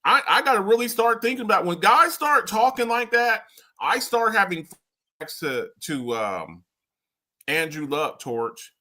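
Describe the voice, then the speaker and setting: Male podcast host, high bright voice, rambling and fired-up sports takes. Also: a little slow. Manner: animated, rambling, repeats himself, swears casually. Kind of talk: casual sports talk commentary.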